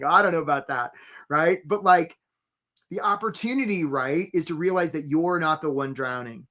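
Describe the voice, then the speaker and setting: Energetic man hosting a webinar. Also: on the high side, normal speed. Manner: energetic, chatty, calls out attendees by name. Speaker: career coach and webinar host. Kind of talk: live webinar talk.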